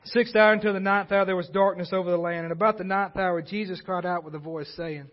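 A high-pitched male pastor delivers an earnest sermon. His voice climbs in force when he drives a point home. The sound is dull and lo-fi, like a church livestream. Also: steady tone, brisk, hardly any pauses. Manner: earnest preaching, rising intensity on key points.

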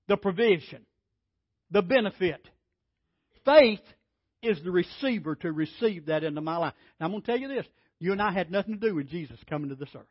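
A man preaching a sermon as pastor, emphatic, acting out the lines of scripture figures with a rising voice. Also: no room sound. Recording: dry, dull low-fidelity sound.

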